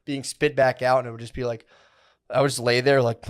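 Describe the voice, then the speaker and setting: On a comedy podcast, a man spins out a long, meandering tale, his speech casual and packed with "like" and "dude," curse words coming easily. He speaks at an ordinary middle pitch, in a steady tone that's brisk and smooth.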